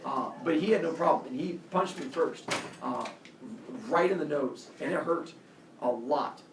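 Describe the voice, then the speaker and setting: A man's voice: fairly high pitch, a little slow, creaky, reverberant, far from the mic, background noise. A man, a coach, telling a personal story casually and acting out the voices of the people in it. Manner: animated, acts out quoted voices.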